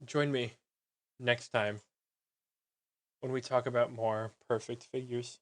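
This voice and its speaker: A man reviewing collectible figures in a sarcastic vlog, gushing with fake sentimentality and breaking off into halting, trailing sentences. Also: medium pitch, flat delivery.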